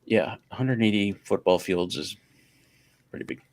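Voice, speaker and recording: A man's voice: on the low side, a little slow, a little mellow. A man chatting casually with a livestream host and trading teasing, jokey banter. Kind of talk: casual chat.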